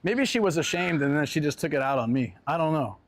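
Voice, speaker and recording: This expressive, fast-talking man with a fairly high pitch hangs out on a casual live stream while on the go, spinning meandering stories and laughing often. The audio has no echo.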